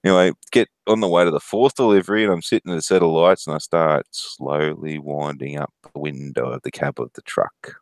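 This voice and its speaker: A man's voice: extremely low pitch, steady tone, fairly quick, hardly any pauses, no echo. A man in his thirties with an Australian accent, telling profane, laughing stories on a casual stream. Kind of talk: casual storytelling.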